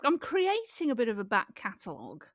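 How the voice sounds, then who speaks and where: A woman co-hosting a casual comedy podcast, talking in a high voice that leaps up and down as she rambles. She giggles often and keeps things playful. The sound is close and dry, with no room echo. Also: wildly swooping pitch, brisk. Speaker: podcast co-host.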